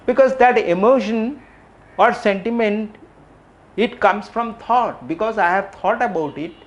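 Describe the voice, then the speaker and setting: A middle-aged man giving a reflective public talk, asking questions and repeating phrases with frequent pauses. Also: high-pitched, muffled recording. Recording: faint background noise.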